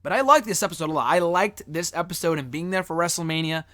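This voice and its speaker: Brief: young male reviewer, slightly high voice, dry close sound, chatty recap with casual swearing. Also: fast talker, a bit bright, no room sound. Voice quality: loose, swears often, many fillers. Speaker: wrestling show reviewer.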